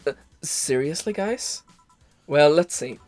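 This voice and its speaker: A let's-play host reads a game's dialogue aloud with a lively, swooping delivery, jumping between character voices. The sound is dry and close, with faint music underneath. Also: mid-range voice, takes it slowly, no room sound.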